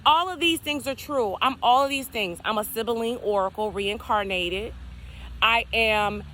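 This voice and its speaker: A woman's voice: fairly high pitch, moderate pace, pushed and bright. A woman giving a casual spiritual talk outdoors, repeating affirmations and asking herself rhetorical what-if questions. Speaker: spiritual content creator. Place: outdoors, near geese and trees.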